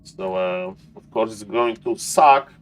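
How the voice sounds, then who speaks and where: A young man streaming and commenting on a strategy game replay, excitable, talking to chat in non-native English and tripping over words. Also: mid-range voice, slow pace, vocal fry. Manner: excitable, talks to chat, keeps saying "ladies and gentlemen".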